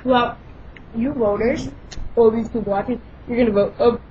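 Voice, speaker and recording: A young woman chats on a home vlog in a loud, brash way, cursing freely as she rambles through her stories. Her voice sits a little high. The recording is dull and lo-fi, with clear noise underneath. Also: steady tone, normal speed. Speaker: vlogger. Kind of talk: casual chat and storytelling.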